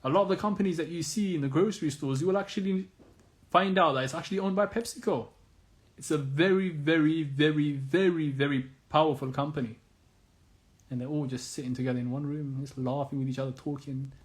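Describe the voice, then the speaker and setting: Earnest male commentator with a somewhat high voice, pressing his point with repeated rhetorical questions. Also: fairly even intonation, a little fast. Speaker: Islamic commentator. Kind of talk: earnest monologue.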